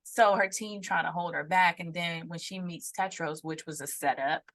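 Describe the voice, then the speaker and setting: A young adult woman co-hosts a podcast in casual conversation, telling animated stories and acting out what people said. Her voice is fairly low in pitch, and she talks at a normal speed.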